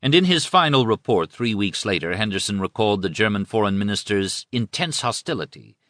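A man reading a history book aloud as scripted narration, in a measured, formal way. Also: lowish voice, lively intonation, pushed and bright, no room sound, clean studio sound. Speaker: audiobook narrator.

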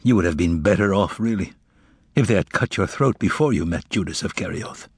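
A man voicing a tormented, imperious older Roman governor with a broken, ailing voice that swings from low menace to furious shouting. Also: brisk, husky, no room sound. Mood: brooding.

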